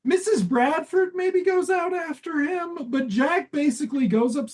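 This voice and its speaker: A woman's voice: extremely high pitch, normal speed, a little mellow. A woman co-hosting a comedy podcast, sarcastic and profane, quoting the characters as she recaps a TV episode. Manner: sarcastic, profane, quotes characters in put-on voices. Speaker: podcast co-host.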